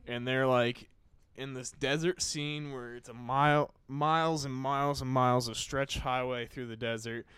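Smooth-voiced man telling rambling jokes. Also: medium pitch, steady tone, normal speed, a bit bright, no room sound. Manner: rambling storyteller with frequent restarts. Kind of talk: casual chat, telling jokes.

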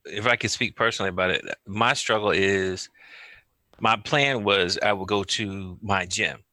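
Casting: lively father-type man, low but bright, punchy voice, dry close sound, casual chat. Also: moderate pace, no echo. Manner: animated, laughing storyteller. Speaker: podcast co-host.

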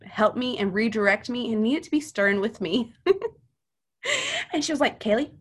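A woman's voice: a little high, moderate pace. A woman speaks as a podcast guest, recounting a personal testimony. She is earnest and chatty, and her sentences keep running on with fillers.

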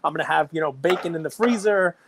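A middle-aged man co-hosting a casual podcast, excitable and rambling. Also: fairly high pitch, fast, vocal fry, noisy background. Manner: excitable, rambling, self-described runaway train. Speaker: podcast co-host.

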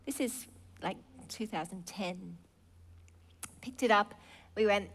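A middle-aged woman preaching a sermon, expressive, swinging from soft, low asides to loud, exclaiming lines. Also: slow pace, long pauses.

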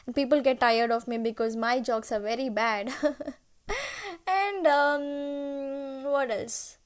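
A woman in her twenties who is not a native English speaker, talking unscripted on her own podcast, searching for words and full of fillers. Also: sits high. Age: 20s. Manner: rambling, searching for words, frequent laughs and fillers. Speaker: podcast host. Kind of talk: unscripted solo podcast intro. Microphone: podcast app recording.

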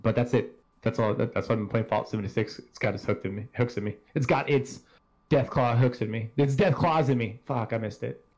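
A man's voice: medium pitch, brisk, darkish tone. A man hosting a casual gaming podcast, rambling and swearing freely as he talks. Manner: rambling, profane, self-deprecating. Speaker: podcast host.

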